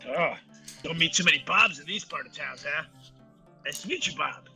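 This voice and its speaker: A man voicing a loud, excitable and goofy male adventurer with a slow, gravelly delivery. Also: on the high side, soft background music, exaggerated voice. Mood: cheerful.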